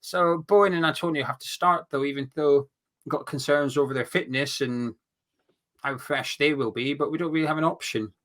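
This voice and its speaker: A man's voice: on the high side, fairly even intonation, fairly bright tone. A man co-hosting a casual football podcast, chatty and opinionated. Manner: chatty, opinionated, quick restarts. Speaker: podcast co-host.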